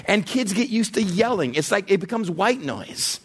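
A man preaching a sermon in an animated way, acting out everyday scenes with humor and asking the audience direct questions. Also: sits high, normal speed, slightly rough. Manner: talks straight to the audience with questions. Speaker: pastor.

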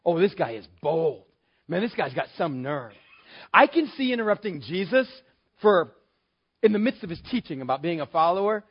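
A man's voice: a little high, very animated, normal speed, slightly rough. A male pastor preaching a sermon in an emphatic, conversational way, telling the story with animation. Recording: dull lo-fi sermon recording.

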